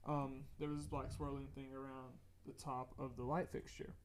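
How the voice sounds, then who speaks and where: A young man from North Carolina, co-hosting a podcast and telling a rambling, animated ghost story with lots of restarts. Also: mid-range voice, normal speed, clear, resonant tone. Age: young adult. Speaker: podcast co-host. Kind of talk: casual chat, storytelling.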